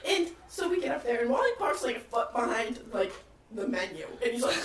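A woman's voice: a little high, big pitch swings, fairly quick. A woman co-hosting a podcast, telling a story in casual chat and giggling through it. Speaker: podcast co-host. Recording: roomy, distant, faint noise.

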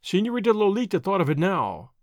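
A man narrating a classic adventure novel as an audiobook, with an expressive, measured reading. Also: sits high, no room sound, studio quality.

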